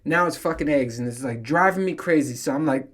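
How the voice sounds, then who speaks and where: A man's voice: on the high side, brisk, fairly bright tone. A man hosting his own podcast, ranting casually, swearing often and laughing at his own jokes. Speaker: podcast host. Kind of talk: casual solo podcast rant.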